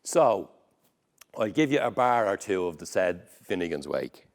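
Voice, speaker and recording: A man's voice: low-pitched, big pitch swings, unhurried. A man with a Dublin accent telling comic stories on stage in a wry, conversational way. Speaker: storyteller. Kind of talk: comic storytelling performance.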